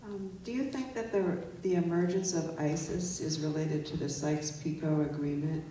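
A moderator reads audience questions aloud in a hesitant way, with many ums. The voice is mellow and dark-toned, heard from a distance in a large, reverberant hall with faint noise. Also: medium pitch, steady tone, normal speed. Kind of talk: reading written questions aloud.

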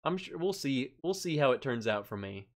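With a sing-song, mid-range voice at a moderate pace, a man chats casually on his livestream. He reads out viewers' comments, laughs a lot, and comes across as stressed.

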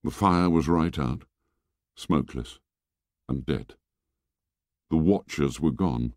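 A man narrating a novel as an audiobook, reading dramatically and sinking low and soft on grim lines. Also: slow pace, no room sound, studio quality.

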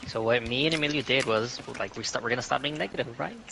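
A man's voice: medium pitch, quick pace, gravelly, pushed and bright. A young American man streaming a game with friends, teasing and lecturing them in casual chat over a headset. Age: young adult. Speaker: gaming streamer. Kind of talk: casual chat while gaming. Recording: noisy gaming chat with clicks.

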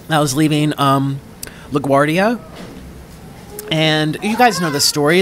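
A man with a voice on the high side eats on camera and chats casually into his own microphone as a mukbang vlogger. His story is rambling and dramatic, and he interrupts himself, with a noisy background behind him.

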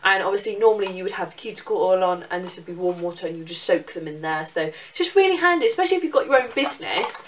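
A woman's voice: lowish voice, lively intonation, quick pace, hardly any pauses, recorded from a distance. Casting: 18-year-old woman, chatty vlog haul, cursing casually, a bit off-mic with faint hiss. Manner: chatty, swears freely. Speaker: beauty vlogger.

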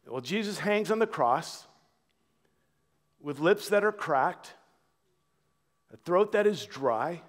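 A man preaching a sermon, swinging from loud proclamation to a hushed near-whisper. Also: on the high side, in a large hall. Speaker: pastor. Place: church.

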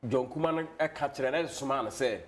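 A man's voice: mid-range voice, brisk. A man on a talk show panel, chatting casually with short interjections. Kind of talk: casual chat.

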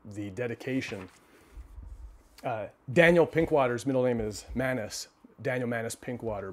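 With a middle-pitched voice, this man brings expressive timing to a children's storybook he reads as host. Once a story ends, his talk with viewers turns relaxed and halting, with pauses and restarts while he thinks.

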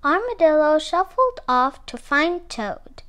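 A woman reading a children's picture book aloud in an expressive, sing-song way. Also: high voice, slow. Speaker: storyteller.

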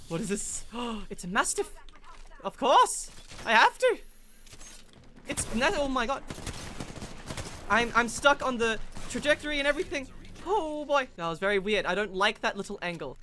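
A high, very lively woman's voice chatters through her gameplay and swoops up into yelps when the action gets tense. Her tone is bright and sharp, with a faint hiss of noise under it. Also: normal speed, long pauses. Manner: excitable, yelps and laughs at the action. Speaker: gaming streamer. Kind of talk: excited gameplay commentary.

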